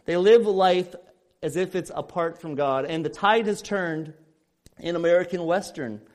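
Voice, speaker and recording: A man's voice: sits high, unhurried. A man from Illinois preaching a sermon as pastor, earnest and emphatic, repeating his points.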